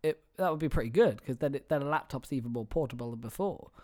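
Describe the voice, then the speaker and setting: A man's voice: medium pitch, lively intonation, quick pace, a little mellow. A young man co-hosting a comedy podcast, joking around and now and then bursting into silly singing. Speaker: podcast co-host. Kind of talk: casual comedic chat.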